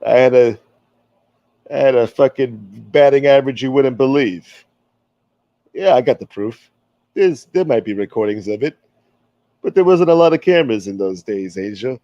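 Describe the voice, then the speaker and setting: A man putting on a gruff old-school mobster who keeps calling himself a gentleman, menacing yet mock courteous. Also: mid-range voice, animated, normal speed, pauses often, no echo, lo-fi sound, close to an everyday voice. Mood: boastful.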